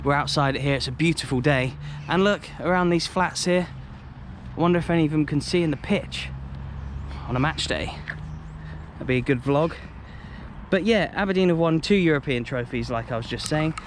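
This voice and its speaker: A man's voice: a little high, moderate pace. A young British man chatting enthusiastically through a walking vlog outside a stadium, with jokey asides. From United Kingdom. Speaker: football travel vlogger. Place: outdoors by a stadium in a city. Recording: outdoor street noise.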